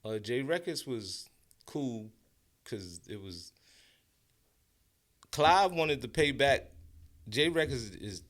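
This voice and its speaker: A man in his forties from Brooklyn with a New York accent, a podcast guest telling stories in an animated, slangy way with frequent restarts. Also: medium pitch, slow pace, pauses often. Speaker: guest, rapper and producer. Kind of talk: casual storytelling interview.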